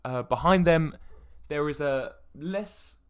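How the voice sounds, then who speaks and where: A man narrating a tabletop game as dungeon master, describing scenes with halting fillers. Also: on the high side, clear, resonant tone.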